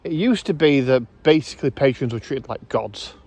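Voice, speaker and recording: A man hosting his own video channel, giving rambling, casual commentary outdoors, correcting himself often and filling pauses with ums. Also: mid-range voice, animated, darkish tone. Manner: rambling, self-correcting, hesitant fillers. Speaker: YouTube host.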